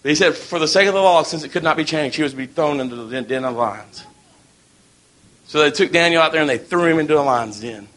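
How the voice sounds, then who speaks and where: A man's voice: fairly high pitch, fast talker, a bit bright. A man preaching a sermon in a folksy, storytelling way.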